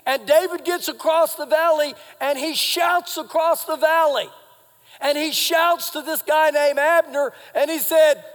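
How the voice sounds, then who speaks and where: A man preaching live in a church hall, his voice very high for a man and ringing with long reverb. He swings from shouting to hushed, confiding retellings of scripture. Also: steady tone, measured pace. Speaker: pastor. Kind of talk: sermon. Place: church sanctuary.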